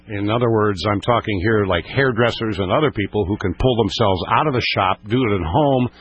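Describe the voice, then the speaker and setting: An older man hosting a call-in radio talk show, halting and repeating words, his pitch climbing when he gets emphatic. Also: breathy edge, no room sound. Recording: dull lo-fi radio broadcast.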